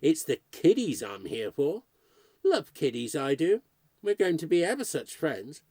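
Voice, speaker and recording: A man's voice: a little high, big pitch swings, a little slow, dark tone, dry recording, full character voice. A man voicing a chatty, smug old male ghost with a folksy, patronizing manner, in a storybook reading. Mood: cosy.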